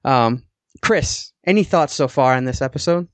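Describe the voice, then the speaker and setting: A man's voice: mid-range voice, animated, moderate pace, no echo. A man co-hosting a podcast, casually recapping a TV episode in a rambling way with the odd swear word. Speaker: podcast co-host.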